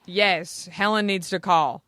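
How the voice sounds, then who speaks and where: A woman's voice: lowish voice, fairly even intonation, slow, a bit bright, no echo, clean studio sound. A woman hosting a comedy podcast, upbeat and steering the chat. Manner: upbeat, leading the conversation. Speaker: podcast host. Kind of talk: casual chat.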